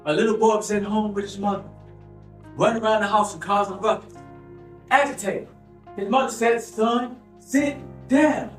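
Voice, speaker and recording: A man's voice: high-pitched, steady tone, normal speed, faint music behind, voice pushed up, close to an everyday voice. A man giving a stagey, sing-song speech at a speech club, sounding like a lullaby. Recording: old clip, roomy and distant.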